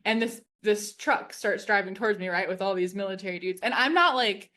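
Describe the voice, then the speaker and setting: A woman's voice: mid-range voice, fairly quick, pushed and bright. A woman in her thirties co-hosting a podcast in casual chat, telling stories with lots of "like" and frequent laughs. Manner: chatty, fills speech with "like", laughs often while telling stories. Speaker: podcast co-host.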